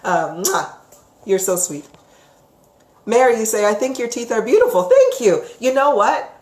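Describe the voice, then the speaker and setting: A woman's voice: on the high side, measured pace. Chatty woman in an echoey room. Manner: chatty and expressive, keeps asking "right?". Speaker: psychic teacher. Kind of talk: live-stream chat reading viewer comments. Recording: roomy echo.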